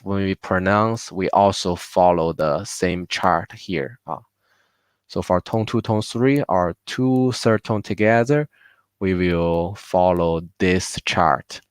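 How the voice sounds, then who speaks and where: A man with a Chinese accent, Mandarin his first language, teaching pronunciation and saying each word several times. His voice sits low and moves slowly. It is smooth and clear, recorded close and dry with no room sound. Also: no echo. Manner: patient, repeats words slowly for learners. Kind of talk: live online language class. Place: home.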